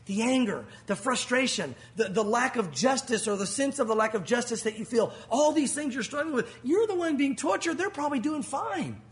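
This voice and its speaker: A man preaching a sermon, earnest and emphatic, acting out the lines he quotes. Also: high-pitched. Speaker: pastor.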